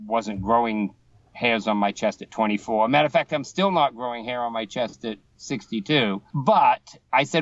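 Speaking as a guest, a Boston man in his sixties spins casual, meandering anecdotes at his own expense. His voice runs on the low side at a moderate pace. The recording is dry, dull, and a bit distant.

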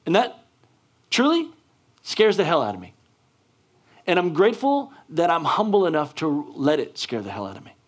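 A man's voice: fairly high pitch, huge pitch swings, moderate pace, long pauses. A man preaching a sermon, talking casually with many restarts and building to fervent, emphatic delivery. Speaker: pastor.

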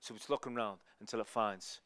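A man giving a sermon as a guest preacher, telling lively stories and acting out the people in them. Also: on the low side, fast, smooth, dry recording. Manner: animated, acts out people in his stories. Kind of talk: storytelling sermon.

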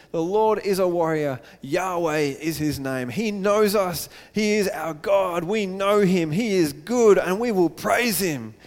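A man preaching a sermon earnestly, repeating phrases and building to excited emphasis. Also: sits high, big-room sound.

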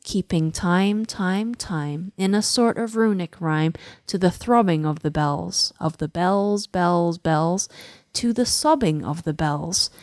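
A woman's voice: lowish voice, darkish tone, no echo, clean studio sound. A woman teaching a poem. She reads it aloud with rhythmic emphasis, lingering on repeated words, then explains its language. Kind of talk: dramatic poetry recitation and literary analysis.

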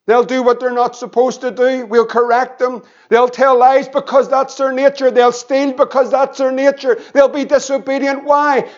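A middle-aged man, a pastor preaching an evangelistic sermon and telling family stories. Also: extremely high pitch. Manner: impassioned preaching with anecdotes and repeated questions. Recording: dull lo-fi church recording.

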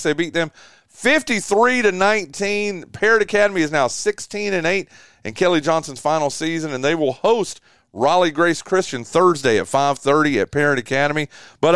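Smooth-voiced male sports radio host. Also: on the high side, fairly bright tone, no echo, clean studio sound. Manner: rambling, lots of fillers and restarts. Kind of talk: casual sports radio chat.

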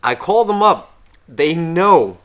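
A man co-hosting a casual podcast, swearing constantly and acting out his phone calls in loud rants. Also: a little high, big pitch swings, takes it slowly, background noise. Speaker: podcast co-host.

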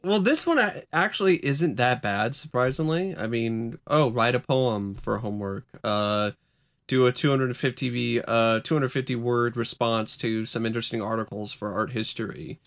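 A young college student co-hosting a podcast, rambling and hesitant, often correcting himself. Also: male voice, mid-range voice, normal speed, fairly bright tone. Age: young adult. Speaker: podcast co-host. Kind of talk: casual chat.

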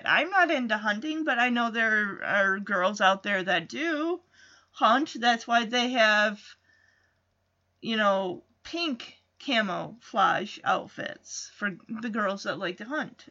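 A woman's voice: fairly high pitch, lively intonation, slow pace, pushed and bright, highs cut off. A woman hosting a casual recap, retelling a TV episode with chatty asides, tangents and self-corrections. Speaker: podcast host recapping a TV episode.

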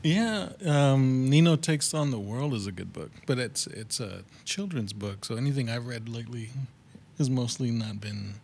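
A man with a gravelly, mid-pitched voice talks plainly in a relaxed podcast chat. His delivery has a dry, teasing edge, with faint noise in the background. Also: moderate pace. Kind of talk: casual chat.

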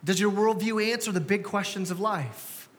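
A man's voice: high voice, moderate pace, a bit bright, big-room sound, slight background noise. A man preaching a sermon as pastor, conversational and joking at his own expense. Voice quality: conversational, self-deprecating humor. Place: church sanctuary.

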